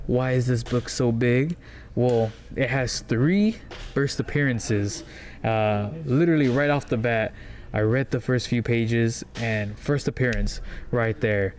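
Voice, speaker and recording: Excited guy rambling through new comics at his shop, lots of ums and likes, normal pitch. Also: measured pace. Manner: rambling, enthusiastic, filler-heavy. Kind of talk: casual product rundown. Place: comic book store.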